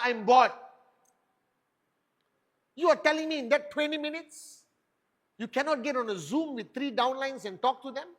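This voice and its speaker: High-voiced man giving a punchy motivational talk. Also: a bit bright. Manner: rhetorical questions, punchy and emphatic. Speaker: network marketing leader giving a motivational talk. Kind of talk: motivational speech.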